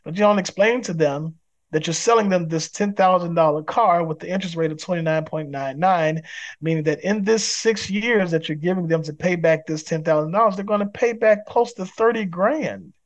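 A man's voice: high-pitched, normal speed. A man who is a pastor, a guest on a podcast interview, speaking in an emphatic, preacherly way. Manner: acts out quoted people in other voices.

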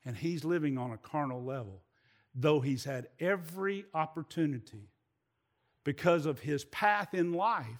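A man delivers an animated sermon in a slightly high voice. He stumbles and repeats words as he goes and turns to the congregation with folksy, chatty asides. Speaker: pastor.

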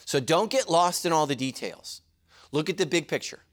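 A middle-aged man preaching a sermon as a pastor, animated and jokey, with quick asides to the congregation. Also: fairly high pitch.

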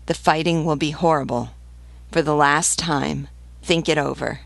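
Solemn pleading priest, read by a woman, slow measured speech, gravelly edge, dry close sound, storybook reading. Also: low-pitched, steady tone, dry recording. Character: stern male revolutionary priest pleading.

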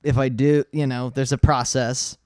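A man playing an odd, earnest young baseball fan and hacker, talking in a halting, deadpan manner in an improvised comedy podcast. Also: mid-range voice, smooth, dry recording, studio quality, natural voice.

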